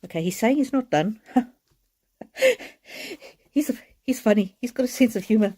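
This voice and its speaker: A woman giving a live oracle card reading, speaking earnestly and reassuringly, with soft laughs now and then. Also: on the high side, expressive, normal speed, long pauses, slightly rough.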